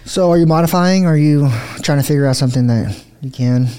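A man's voice: fairly high pitch, a little fast, mellow, clean tone. A man who is a guest on a podcast, chatting in a laid-back, easygoing way. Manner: laid-back and easygoing, says "stoked" and "sweet". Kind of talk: casual podcast chat.

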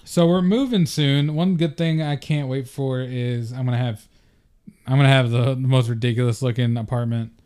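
A man's voice: mid-range voice, steady tone, moderate pace, a little mellow, clean tone. A young man co-hosting a podcast, chatting casually in a laid-back, joking way with a lot of swearing. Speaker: podcast co-host. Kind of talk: casual chat.

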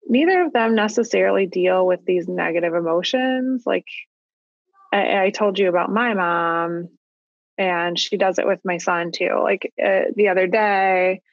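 A woman in her thirties, a parent talking about her family in a casual conversation, thoughtful and halting, with frequent restarts. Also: medium pitch, dry recording, lo-fi sound. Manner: reflective, halting with restarts and likes. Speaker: guest parent.

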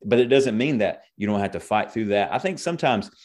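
A man's voice: lowish voice, expressive, a little fast, a little mellow. A man who pastors a church, talking faith in an earnest, preaching way and quoting scripture in conversation. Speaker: pastor and co-host. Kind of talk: conversational ministry talk.

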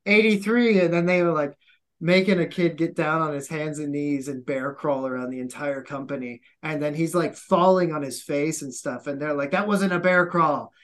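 A man's voice: a little high, normal speed. A man with a slightly raised voice tells army stories in casual podcast chat. He acts out other people's lines as he goes. He keeps an easy, chatty flow. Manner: animated anecdotes with acted-out quotes and laughter.

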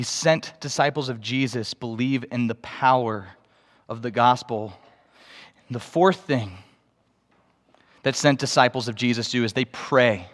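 A young man preaching a sermon, telling a story with animated energy that jumps into excited outbursts. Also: medium pitch. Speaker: pastor. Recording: long reverb of a large hall.

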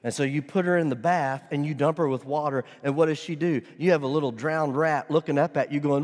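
A middle-aged man preaching a sermon as pastor, earnest and at times loud and emphatic. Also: a little high, brisk, hardly any pauses. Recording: long hall reverb.

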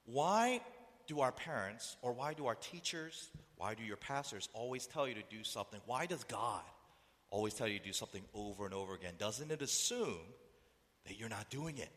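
Delivering a sermon at a moderate pace, this male pastor has a mid-range, fairly bright voice with lively intonation. He keeps posing rhetorical questions to the congregation and performs different voices, all ringing through echoey hall reverb.

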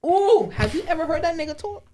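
A woman from Jamaica co-hosts a casual podcast in a high, lively voice that bounces all over. She jokes crudely, laughs often, and keeps switching into comic voices as she teases her co-host. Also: fairly quick. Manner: animated, laughing, crude joking, swings between voices. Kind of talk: casual chat.

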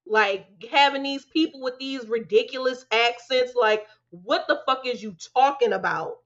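A woman co-hosting a casual chat, talking bluntly in with animated, slangy rants. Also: sits high, normal speed. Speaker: podcast co-host. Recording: dull lo-fi sound.

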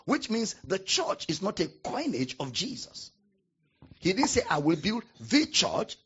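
A man preaching a sermon as pastor, with dramatic pauses and emphatic repetition. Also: sits high, very animated, fairly bright tone, slightly rough, highs cut off.

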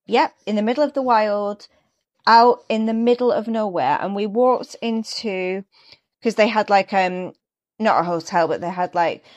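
Woman, lively storyteller, podcast guest on a remote call. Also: medium pitch, moderate pace, lo-fi sound. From England. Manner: lively, animated storytelling with laughs. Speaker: guest, actor and football fan. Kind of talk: casual podcast chat over a call.

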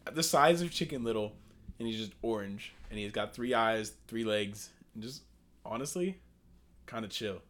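A man co-hosting a casual podcast, recapping a movie in an excitable, animated way. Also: lowish voice, moderate pace. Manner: excitable, animated, says bro. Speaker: podcast co-host. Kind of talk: casual chat.

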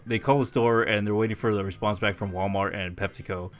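A man co-hosting a podcast, chatting in a relaxed way and leading into the break. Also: on the low side, quick pace, faint music behind. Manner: relaxed, chuckling, wraps up the segment. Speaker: podcast co-host. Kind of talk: casual chat.

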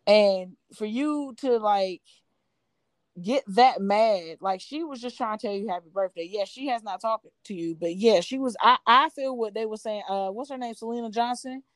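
A woman's voice: medium pitch, moderate pace, no room sound. A woman co-hosting a podcast, giving frank opinions in a rambling way with lots of fillers. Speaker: podcast co-host. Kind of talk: casual podcast chat.

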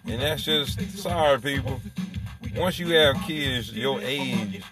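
A man hosting an internet radio show riffs through a profane, rambling comedic monologue, laughing at his own jokes, with music playing underneath. His voice is medium in pitch, and he takes it slowly.

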